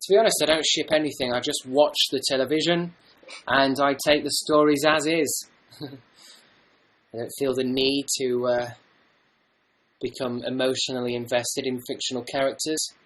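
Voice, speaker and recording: A man's voice: medium pitch, steady tone, normal speed, long pauses, a bit bright, low-quality recording. Young guy rambling on a livestream, reading chat, self-mocking jokes, mid voice. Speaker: livestream host. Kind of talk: casual livestream chat, reading viewer comments. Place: home.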